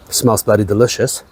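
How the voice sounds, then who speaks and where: A man's voice: fairly low pitch, background noise. Man rambling through whisky notes. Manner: rambling, repeats phrases, swears casually. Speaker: whisky reviewer. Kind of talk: casual tasting-note chat.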